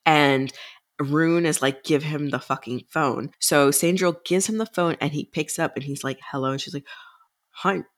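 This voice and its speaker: A woman's voice: sits low, steady tone, normal speed. A woman co-hosting a book podcast, casually retelling scenes with quoted dialogue and some swearing. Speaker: podcast co-host.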